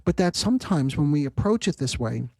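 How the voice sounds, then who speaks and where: Man, podcast host, reflective, measured, slightly high voice, dry close sound. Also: lively intonation, creaky, darkish tone, no room sound. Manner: measured, reflective, slows to quote example phrasings. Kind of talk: explanatory monologue.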